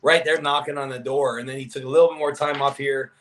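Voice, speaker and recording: A man's voice: mid-range voice, little pitch movement, fast, a crowd in the background. A man weighing in as a guest on a casual panel, rambling with lots of "you know" and "like". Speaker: guest analyst.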